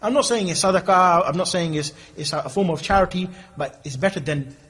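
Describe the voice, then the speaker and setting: A middle-aged man preaching an Islamic lecture, acting out lively dialogues between people as he tells stories. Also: sits high, fairly quick, slightly rough, soft background music. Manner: lively, acts out dialogues in different voices. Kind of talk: animated Islamic lecture with storytelling.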